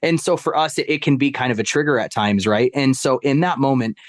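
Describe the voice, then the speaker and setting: A podcast guest, a stepfather, tells casual stories about his family in a medium-pitched, fairly quick voice. He rambles constantly, leaning on fillers like "like" and "right?". The studio recording is clean with no echo.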